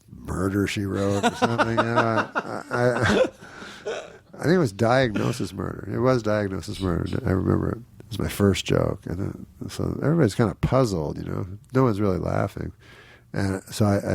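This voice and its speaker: A man telling rambling comic anecdotes on a podcast, slipping into higher voices for the people he quotes. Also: gravelly, dry recording. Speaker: comedian guest. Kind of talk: casual storytelling chat.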